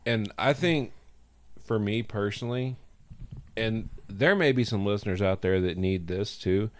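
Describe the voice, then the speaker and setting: A man drawls through casual podcast banter, trading dry wisecracks. His voice sits on the low side. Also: measured pace. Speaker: podcast co-host. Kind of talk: casual comedic chat.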